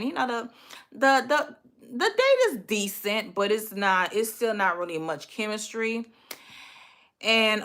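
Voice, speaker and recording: A young woman telling a date story in a casual storytime vlog, profane and animated, acting out her own thoughts. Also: mid-range voice.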